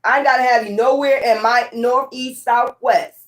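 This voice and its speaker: A woman's voice: a little high, fairly even intonation, normal speed. Blunt, profane woman tarot reader. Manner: repetitive, talks straight to viewers. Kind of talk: casual tarot reading chat.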